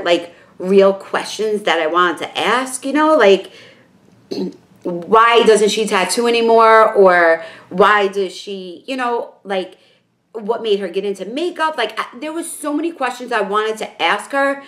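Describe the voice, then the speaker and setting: A woman with a New York accent, a makeup vlogger talking casually to her viewers in an excitable, rambling way full of fillers. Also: medium pitch. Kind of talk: casual chat to camera.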